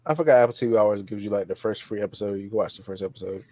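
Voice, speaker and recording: A man's voice: lowish voice, a crowd in the background. A man co-hosting a casual podcast chat, playful and prone to repeating his lines. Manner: fast, repeats himself, playful. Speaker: podcast co-host.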